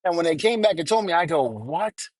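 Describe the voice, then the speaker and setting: A middle-aged man rants his way through a story, blunt and cursing as he plays out each exchange. His voice sits a little high for a man. The sound is dry and close. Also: rapid-fire, no room sound. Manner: angry, blunt, curses, quotes people. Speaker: podcast co-host. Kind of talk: heated storytelling rant.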